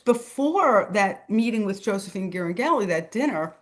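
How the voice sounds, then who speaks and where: A middle-aged woman, a guest on a talk show, telling a personal story in a casual, animated way, acting out the voices of the people she quotes and laughing between phrases. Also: mid-range voice, normal speed. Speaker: podcast guest, author.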